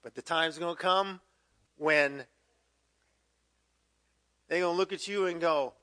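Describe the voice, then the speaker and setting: Bright-voiced man in his fifties preaching. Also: on the high side, slow, dry recording. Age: 50s. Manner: conversational, jumps into loud acted quotes then drops to quiet emphasis. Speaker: pastor. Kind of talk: sermon.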